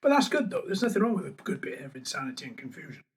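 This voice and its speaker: A man's voice: a little high, sing-song, very fast. A man with a Swansea Welsh accent hosting a casual podcast chat. He banters, laughs easily and swears freely. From Wales. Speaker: podcast host.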